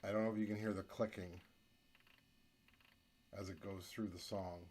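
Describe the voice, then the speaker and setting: A man's voice: sits low, flat delivery, normal speed, darkish tone. A man talking casually in a home recording vlog, thinking aloud as he demonstrates his gear at his desk.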